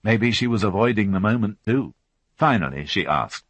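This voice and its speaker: A man narrating a crime novel as an audiobook reader, unhurried and even. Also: fairly low pitch, dry recording. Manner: even, unhurried reading with voiced characters. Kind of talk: scripted narration.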